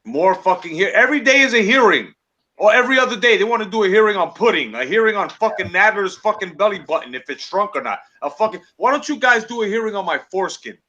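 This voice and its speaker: A man's voice: sits high, animated, fast talker, pushed and bright, lo-fi sound. A man hosting a podcast, ranting in casual, profane political chat. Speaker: podcast host.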